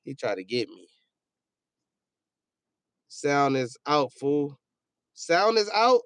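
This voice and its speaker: A man chats loosely on his livestream, joking and cursing as he reacts to viewer comments. His voice sits a little high for a man, and the close mic keeps it dry with no room sound. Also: sing-song, slow pace, a bit bright, no echo. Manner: loose, joking, profane, trails off into mumbling. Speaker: livestream host. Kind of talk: casual livestream chat reading viewer comments.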